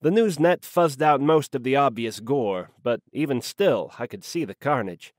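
A man's voice: medium pitch, moderate pace, no echo, studio quality. Man narrating wry hard-boiled noir. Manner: wry, slangy, deadpan. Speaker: audiobook narrator.

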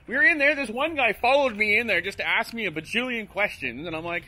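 A man vlogging casually, telling stories in a chatty, excitable way while out and about with a handheld camera. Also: extremely high pitch, fast, hardly any pauses, a little hiss or hum. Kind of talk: casual vlog chat.

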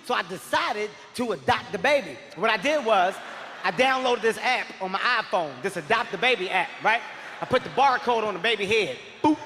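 A man performing a stand-up comedy routine, telling a profane, excitable story with bursts of shouting, recorded live on stage. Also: sits high, normal speed, faint music behind. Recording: live venue reverb with faint noise.

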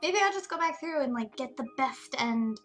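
A woman giving casual, chatty commentary over a story game, going off on animated, rambling asides. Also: high voice, normal speed, faint music behind. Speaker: gaming streamer.

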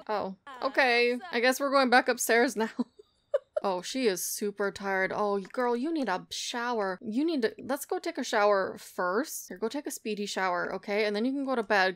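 A woman's voice: a little high, fairly bright tone. A woman giving casual, chatty commentary over her own gameplay, thinking aloud and laughing often. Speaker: gameplay video creator.

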